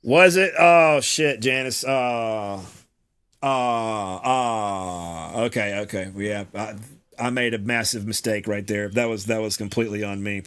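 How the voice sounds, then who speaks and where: A man's voice: on the low side, fairly even intonation, a little slow, fairly bright tone, smooth. A man giving casual gameplay commentary, exasperated and groaning, often repeating himself and swearing. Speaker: gaming streamer.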